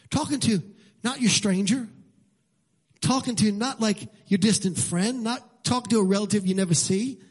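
A man preaching a sermon as pastor, building to shouted lines. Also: high voice, husky.

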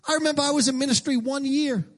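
A middle-aged man preaching a sermon as pastor, emphatic and repetitive, rising into shouted lines. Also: extremely high pitch, fast.

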